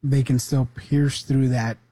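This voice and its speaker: A man co-hosting a radio talk show, chatting casually with relaxed, dry asides. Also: medium pitch, a little slow, background noise. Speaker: radio co-host.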